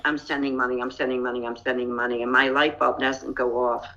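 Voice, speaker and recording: A woman's voice: very deep voice, level tone, brisk, bright, forceful tone. An older woman earnestly recounting a painful experience in an interview, rueful and matter-of-fact. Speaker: scam victim telling her story. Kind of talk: TV interview storytelling. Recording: dull lo-fi clip audio.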